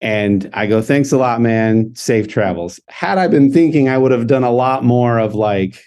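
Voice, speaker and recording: A man's voice: mid-range voice, normal speed. Laughing male podcast host telling stories. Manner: animated, laughs often, acts out dialogue. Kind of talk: casual storytelling chat.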